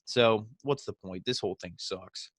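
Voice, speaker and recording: A man casually recapping a wrestling show, sarcastic and ranting, jumping into quick mocking impressions of the people he talks about. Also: on the low side, a bit bright, husky, no echo. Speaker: wrestling review host.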